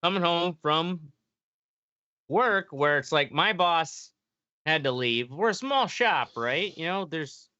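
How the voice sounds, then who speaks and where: A man's voice: fairly high pitch, animated, slow, sharp tone, smooth, no room sound, highs cut off. A man hosting a podcast, ranting in a rambling, profane way in casual chat. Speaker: podcast host.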